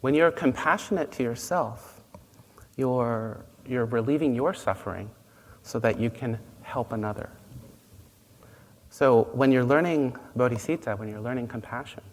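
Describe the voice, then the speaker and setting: A man giving a dharma talk as a Buddhist teacher, gentle and unhurried, telling stories with pauses. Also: mid-range voice. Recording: long reverb, faint noise.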